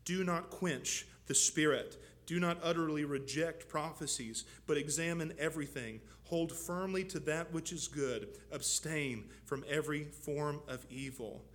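A man preaching a sermon as pastor, moving from low, measured teaching to loud, fervent exhortation. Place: church.

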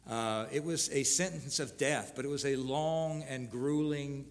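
A man preaching a sermon, earnestly reading scripture aloud with pauses and restarts. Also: medium pitch, big-room sound. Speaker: pastor.

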